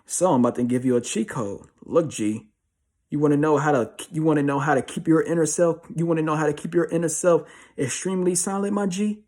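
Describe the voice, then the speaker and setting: A man's voice: fairly high pitch, brisk, a little mellow. A young man giving a slangy, emphatic motivational monologue, repeating himself for stress. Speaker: motivational speaker.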